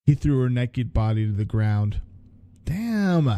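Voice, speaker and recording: Dark-voiced man reading a story aloud. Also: on the low side, fairly even intonation, moderate pace, clear, resonant tone, no echo, studio quality. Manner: restarts lines, comments on the text. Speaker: podcast host reading a story. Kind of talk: story reading with casual asides.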